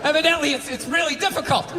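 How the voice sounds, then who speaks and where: A man doing a stand-up routine, ranting loudly and shouting the punchlines. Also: very high voice, fairly even intonation, fast talker. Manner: loud, shouting rant. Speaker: stand-up comedian. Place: comedy club stage. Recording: echoey hall, crowd and hiss.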